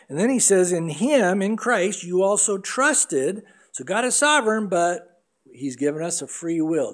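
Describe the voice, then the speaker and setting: Middle-aged male pastor, earnest sermon delivery, higher-pitched voice. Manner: earnest preaching, acts out voices in anecdotes.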